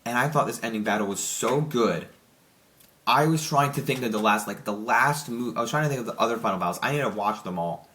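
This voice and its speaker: A young man giving a casual, rambling spoken movie review, excited and full of restarts and fillers. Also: medium pitch, fairly quick. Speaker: film reviewer.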